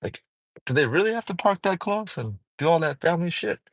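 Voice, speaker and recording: Animated, rambling man livestreaming outdoors. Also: brisk, dry recording. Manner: rambling, playful, swears freely, sudden singing and high-pitched bits. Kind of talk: casual livestream chat. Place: outdoors at a mall parking area.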